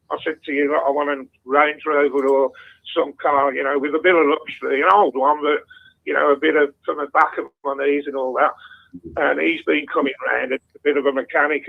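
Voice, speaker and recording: A man's voice: fairly high pitch, gravelly. A man calling in to a phone-in show, chatting casually and rambling with lots of swearing over a phone line. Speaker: caller.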